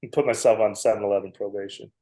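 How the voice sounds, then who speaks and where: A man's voice: on the low side, fairly even intonation, fast, dark tone. A man in his forties, a comedian guest, telling a long, self-mocking story on a podcast and laughing often. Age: 40s. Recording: roomy echo.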